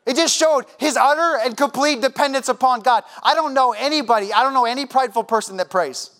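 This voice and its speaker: A man's voice: very high voice, fairly quick, fairly bright tone. A man preaching a sermon in a church, impassioned and conversational, acting out quoted voices and repeating himself as he presses his point. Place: church sanctuary.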